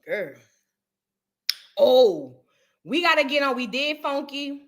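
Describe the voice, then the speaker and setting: A woman from New Orleans with a New Orleans accent, hosting a reaction show in animated, chatty and profane talk with her viewers. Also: high voice, slow. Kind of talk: casual reaction chat.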